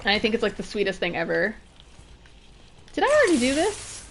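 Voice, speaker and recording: This young woman from the northern US streams gameplay with casual commentary, laughing and puzzling things out aloud. Her fairly high voice swoops wildly in pitch and moves at a brisk pace. The background is noisy.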